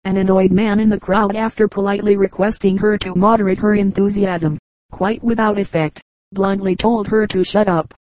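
A woman narrates old humorous anecdotes in a measured, even way. Her voice is mellow and warm, and the recording is close and dry, with no room sound behind her. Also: mid-range voice, no room sound, poor audio. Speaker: audiobook reader.

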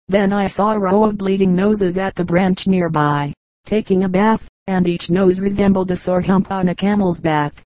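A woman narrating an audiobook in a measured, orotund reading style. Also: medium pitch, fairly even intonation, warm tone, dry recording, poor audio. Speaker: audiobook reader.

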